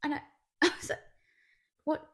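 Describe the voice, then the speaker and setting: A British woman co-hosting a podcast, telling a story in casual chat and acting out both sides of the dialogue. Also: a little slow. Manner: animated storytelling, breaks into laughter, acts out dialogue. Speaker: podcast co-host.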